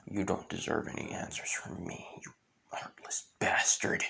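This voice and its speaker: A man doing a quietly furious young hero. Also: on the low side, flat delivery, normal speed, vocal fry, husky, full character voice. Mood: cold.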